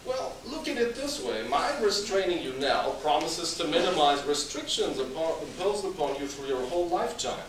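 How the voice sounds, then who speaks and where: A stuffy, patient father lectures his son in formal phrases, as a man reads him aloud. The voice is high and rides up and down. It is picked up from a distance in a very echoey hall with background noise. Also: animated, normal speed, hardly any pauses, lightly acted. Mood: lecturing. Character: patient, pompous middle-aged father. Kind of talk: reading a comic dialogue aloud. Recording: echoey hall, mic far off, noisy.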